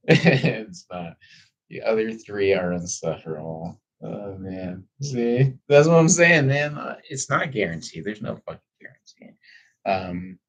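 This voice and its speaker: A man's voice: fairly low pitch, expressive, slow, highs cut off. A man chatting casually on a livestream, talking candidly and rambling a little, with plenty of swearing. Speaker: livestreamer answering chat. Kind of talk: casual reflective livestream chat. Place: at home.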